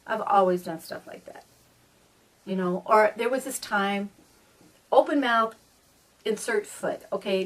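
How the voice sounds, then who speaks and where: A middle-aged woman telling personal stories to viewers in a chatty, earnest way, often calling them folks. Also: medium pitch. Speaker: vlogger. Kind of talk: personal storytelling monologue. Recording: voice a bit distant from the mic.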